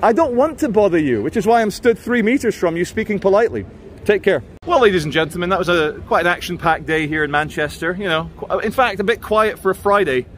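A man's voice: high-pitched, expressive, fast, a little hiss or hum. A man vlogging outdoors on city streets, giving joking running commentary and chatting with passersby.

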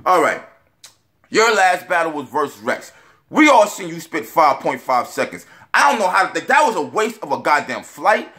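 A man, a battle rap blogger giving a brash, profane, animated rant in a video response. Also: on the high side, moderate pace.

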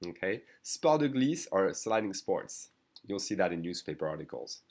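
A man teaching a lesson in English, explaining patiently and repeating phrases slowly while checking in with "okay?" and "d'accord?". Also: low-pitched, big pitch swings. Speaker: French teacher. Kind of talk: online language lesson.

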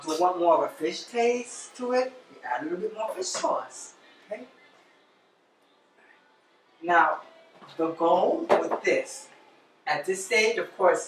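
Chatty flamboyant woman cooking. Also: low-pitched. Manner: chatty, flamboyant, talks to viewers. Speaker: cooking show host. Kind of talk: cooking demonstration. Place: home kitchen. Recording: roomy kitchen, distant mic, noisy.

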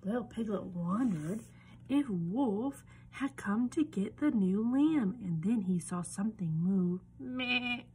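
A young woman reading a picture book aloud to children, animated and often dropping into a whisper. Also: mid-range voice, a little slow, a little hiss or hum. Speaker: storyteller.

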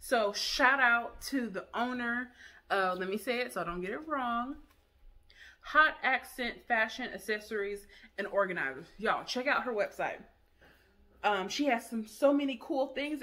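Bright, chatty woman reviewing products. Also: on the high side, animated, normal speed. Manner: chatty and enthusiastic, addresses viewers as y'all. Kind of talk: casual product review vlog.

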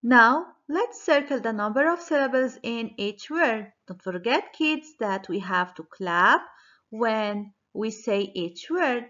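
A woman teacher giving a children's phonics lesson, speaking clearly and encouragingly. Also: fairly high pitch, animated, a bit bright, highs cut off. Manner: slow, clear, encouraging classroom delivery.

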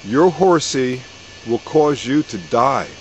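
A man's voice: medium pitch, expressive, slow, slight background noise, poor audio. Man putting on a spooky witchy fortune teller. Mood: ominous. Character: old woman fortune teller, mysterious.

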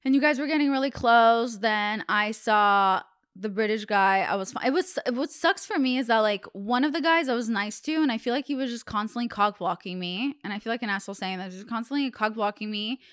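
A woman's voice: fairly high pitch, fairly quick, fairly bright tone, clear, resonant tone, no room sound, studio quality. A young woman hosting a podcast, telling a long rambling story in casual chat, full of "like" fillers. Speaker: podcast host.

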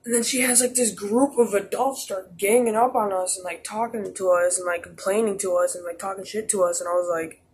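A man's voice: high-pitched, fairly even intonation, brisk, hardly any pauses, a little hiss or hum. A teenage boy vlogging a casual storytime, rambling with lots of "like" and restarts. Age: teens. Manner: rambling, heavy use of "like" and restarts.

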